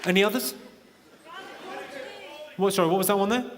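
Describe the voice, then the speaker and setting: A male stand-up comic with a fairly high voice works the crowd in a deadpan way. He is heard live on a handheld mic in a large theatre with a long reverb tail. Loud audience laughter and noise surround him. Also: moderate pace. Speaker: stand-up comedian. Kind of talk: stand-up comedy.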